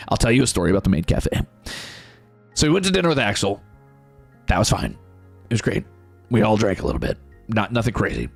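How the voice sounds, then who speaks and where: A male streamer spins a profane, excitable story for his chat. His voice is gravelly, with wide swings in pitch. Faint music plays behind him. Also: fast talker, pauses often.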